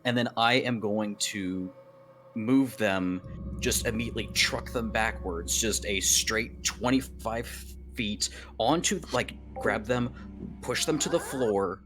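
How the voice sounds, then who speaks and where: A man playing a tabletop game, talking haltingly and laughing often. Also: fairly low pitch, music in the background. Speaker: player.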